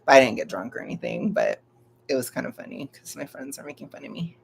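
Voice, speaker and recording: A man's voice: medium pitch, huge pitch swings, quick pace, creaky, slightly rough. A young man rambling casually at home in a live-stream vlog, laughing often and making fun of himself. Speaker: vlogger.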